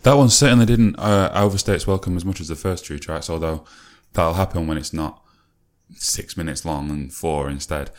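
A man's voice: low-pitched, normal speed. A man, a musician casually reflecting on his own old music, rambling and musing with many fillers and self-corrections.

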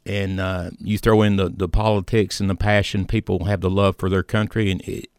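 A man hosting a sports talk show, telling a story in a measured way with plenty of fillers. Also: low voice, flat delivery, dry recording, clean studio sound. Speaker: sports radio host.

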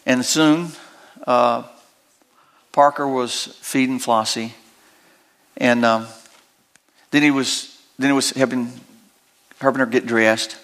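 A man preaching a sermon as pastor, with big swells of emotion and soft, tender storytelling that comes close to tears. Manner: preaching with big rises in pitch, then dropping soft and low for a story.

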